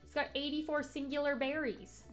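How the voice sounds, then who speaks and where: A woman's voice: sits high, level tone, brisk, soft background music. A young woman streaming a game, chatting casually, full of filler words and jokey asides. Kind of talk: casual let's-play commentary.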